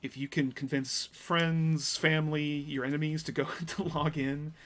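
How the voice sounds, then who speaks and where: A man's voice: on the high side, little pitch movement, moderate pace, a bit bright. A man hosting a live fighting game tournament stream, chatty and rambling, often laughing. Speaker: tournament commentator and host. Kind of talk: live esports commentary.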